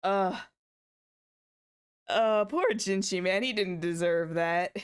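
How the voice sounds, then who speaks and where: A woman's voice: medium pitch, takes it slowly, smooth. A woman hosting a casual anime watchalong stream, chatting to her viewers and breaking into giggly, squealing reactions. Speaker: VTuber host of an anime watchalong.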